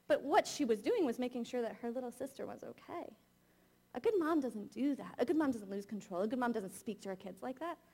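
A woman's voice: fairly high pitch, mellow, slightly rough. A woman in her thirties preaching a sermon, telling a candid, confessional personal story.

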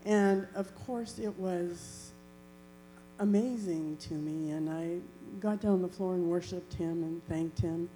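A woman's voice: on the low side, slow, dark tone, poor audio. A woman earnestly sharing a personal faith testimony in a reflective way. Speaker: church member giving a testimony. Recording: faint electrical hum.

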